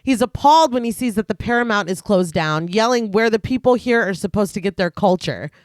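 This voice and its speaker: A woman's voice: medium pitch, animated, a little fast, no echo. A woman co-hosting a casual horror podcast, reading scene recaps and joking between them. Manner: reads plot summary then jokes and laughs.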